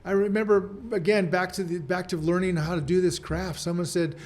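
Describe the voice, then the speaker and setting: A man's voice: high voice, fairly even intonation, brisk, a little mellow. A man on a podcast, a guest coach, speaking earnestly and repeating his key points as he acts out sample client talk. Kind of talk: podcast conversation.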